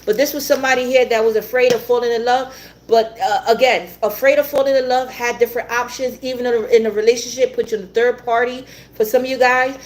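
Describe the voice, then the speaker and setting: Quick-paced and a little high, with fairly even intonation, a woman gives a blunt tarot reading over slight background noise. She repeats herself, laughs often, and swears every so often.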